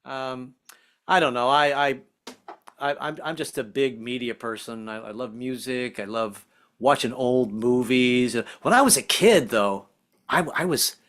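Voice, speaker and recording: A man's voice: mid-range voice, unhurried, a bit bright. A man doing a stand-up comedy set, stammering and restarting often and slipping into put-on voices. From American South. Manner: stammering, self-interrupting delivery with frequent put-on voices.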